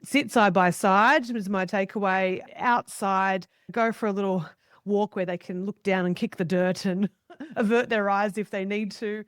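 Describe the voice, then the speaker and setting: A woman's voice: mid-range voice, fairly even intonation, moderate pace, clear, resonant tone, dry recording, clean studio sound. A woman hosting a podcast, talking in an affirming, conversational way with her guest. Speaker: podcast host.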